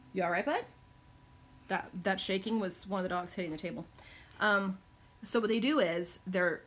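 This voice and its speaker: Woman, middle-aged, casual phone-mic home stream, rambling chatty delivery, faint background hiss. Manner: chatty, rambling, many ums and likes; high cooing baby talk to her dogs. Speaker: live-stream host and caregiver mom. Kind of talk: casual live-stream chat answering viewer questions. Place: her home, indoors.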